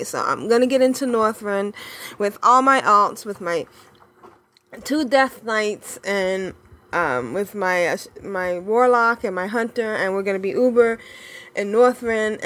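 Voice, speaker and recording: A woman co-hosting a gaming podcast in casual chat, bubbly and excitable, laughing often. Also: fairly high pitch. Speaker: podcast co-host.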